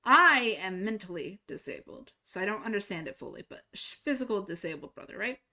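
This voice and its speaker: A young woman streaming a game, telling a personal story in a casual, animated way and jumping higher to act out quoted lines. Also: brisk. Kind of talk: casual storytelling while gaming.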